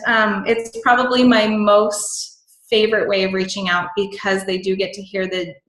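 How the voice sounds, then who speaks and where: A woman's voice: medium pitch, fairly bright tone. A woman giving casual sales tips on a team call, bubbly and chatty with lots of ums and likes. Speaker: team call guest speaker. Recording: echoey room.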